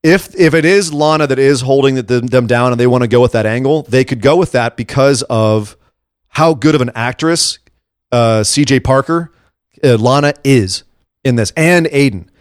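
A man's voice: mid-range voice, moderate pace, no echo, clean studio sound. A man co-hosting a casual chat, retelling events with energy and acting out what people said. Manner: animated, acts out quotes while retelling. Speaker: podcast co-host. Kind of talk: casual chat recapping wrestling.

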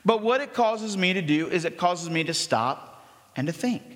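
A pastor delivers a sermon to his church at a normal speed, his voice high and lively. He speaks with the congregation as if chatting and performs the voices of the story's characters. Long reverb carries his words through the sanctuary.

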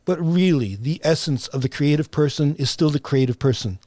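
A man's voice: fairly high pitch, expressive, fairly quick, mellow, no room sound. An older man, a playwright guest on an interview show, telling stories reflectively, with many fillers and restarts. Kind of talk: conversational interview.

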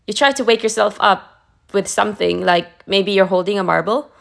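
Gravelly woman cohost rambling casually, lots of ums and likes. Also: mid-range voice, brisk. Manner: chatty, hesitant, with many fillers. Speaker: podcast co-host. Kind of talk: casual chat.

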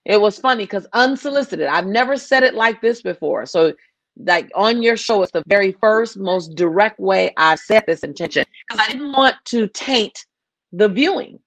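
A woman's voice: mid-range voice, lively intonation, moderate pace, a bit bright, no echo. Woman director, interview guest; earnest, emphatic delivery with false starts, dry recording. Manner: passionate, repeats and restarts phrases. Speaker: filmmaker guest. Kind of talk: interview conversation.

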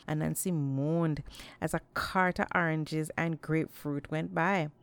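A woman with a Jamaican accent narrating folktales in a lively, animated way. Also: sits low, unhurried, clear, resonant tone. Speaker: storyteller. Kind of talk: folktale storytelling.

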